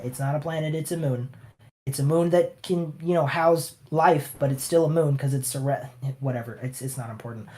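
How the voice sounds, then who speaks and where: A man's voice: on the high side, normal speed, a little mellow, dry recording. Man ranting with sarcastic profanity. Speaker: channel host, reviewer. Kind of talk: ranting commentary video.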